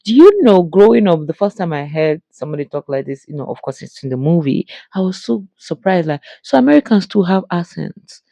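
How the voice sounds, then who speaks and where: A woman's voice: fairly low pitch, big pitch swings, fairly quick, vocal fry, few pauses, mellow, no room sound. A woman hosting a reaction channel, musing aloud in casual commentary with lots of "you know" fillers. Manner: chatty, musing, many fillers.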